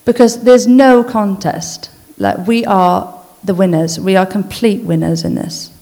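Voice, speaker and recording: A woman's voice: mid-range voice, dark tone. Earnest woman preaching in a reverberant hall. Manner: earnest, conversational with fillers, reads slowly and deliberately. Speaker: lay speaker giving a church talk. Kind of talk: informal sermon with reading from a list.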